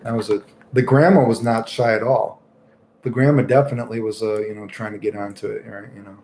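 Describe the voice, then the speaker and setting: A man's voice: lowish voice, fairly even intonation, brisk, a little mellow, a little hiss or hum. A young man streaming live, chatting casually and rambling through stories with lots of swearing. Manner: rambling, casual, swears often, many fillers.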